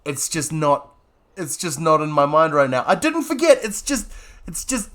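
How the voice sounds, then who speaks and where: Playful high-voiced New man. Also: moderate pace. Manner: playful, excitable, laughs often. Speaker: streamer. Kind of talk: live gameplay commentary, chatting with viewers.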